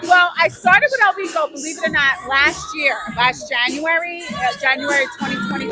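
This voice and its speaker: A woman with a New York accent talking animatedly in an excited red-carpet interview, music playing behind. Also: high-pitched, brisk, hardly any pauses, low-quality recording. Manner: animated, chatty, dramatic emphasis. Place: outdoor red carpet event. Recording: live stream with music behind.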